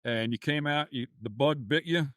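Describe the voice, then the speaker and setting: A male host with a somewhat high voice opens the segment and introduces the guest from prepared notes. The sound is dry and close, as in a small studio. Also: moderate pace, a bit bright, no echo. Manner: friendly, talks through prepared research. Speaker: talk show host. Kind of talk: show introduction and interviewing.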